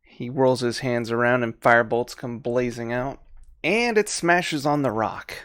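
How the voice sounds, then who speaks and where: Male game master, relaxed, chuckles a lot, slow delivery. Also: mid-range voice, dry recording, clean studio sound. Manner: laid-back, laughs often, fillers while thinking. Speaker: dungeon master. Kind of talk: narrating a tabletop game.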